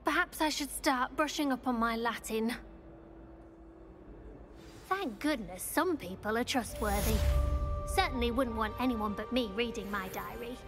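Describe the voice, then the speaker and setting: A prim, studious young witch from a video game, speaking in a fairly high voice with polite, precise and slightly fussy phrasing. Her tone is tidy and proper throughout. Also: unhurried, pauses often, music in the background.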